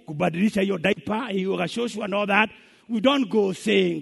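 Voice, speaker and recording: Kenyan preacher man, high raspy voice, gravelly, emphatic sermon. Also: moderate pace. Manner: switches between English and Swahili, emphatic.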